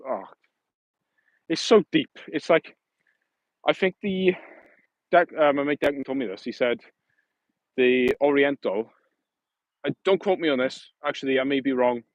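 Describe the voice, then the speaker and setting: A man's voice: medium pitch, no room sound, rough recording. A man hosting a casual livestream outdoors, rambling and correcting himself in a friendly, matey way. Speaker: livestream host.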